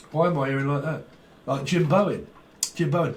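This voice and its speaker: A man's voice: on the high side, a little fast, a little mellow, a little hiss or hum. A man giving a rambling tarot reading and slipping into quoted voices. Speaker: tarot reader.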